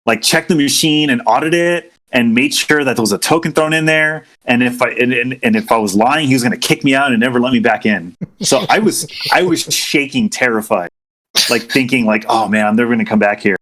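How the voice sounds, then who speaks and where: A man's voice: medium pitch, fairly quick. A man with a mid-range voice telling a story on a podcast. He acts out the lines of the people in it. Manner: animated storyteller acting out quotes. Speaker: podcast co-host. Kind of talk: casual chat.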